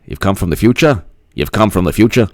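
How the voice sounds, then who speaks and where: A man's voice: on the low side, wildly swooping pitch, moderate pace, no room sound, studio quality. A man briefly voicing a past male president who gives short, mild replies. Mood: calm.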